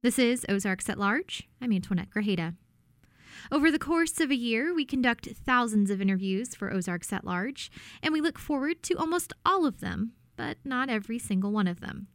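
A woman radio host reading a scripted introduction in a clear, measured way. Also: mid-range voice, no room sound, studio quality.

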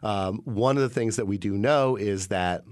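Deep-voiced professor with faint New Jersey accent. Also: male voice, darkish tone, no room sound, clean studio sound. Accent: faint northern New Jersey. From northern New Jersey. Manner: measured, repeats words while thinking. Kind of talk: interview.

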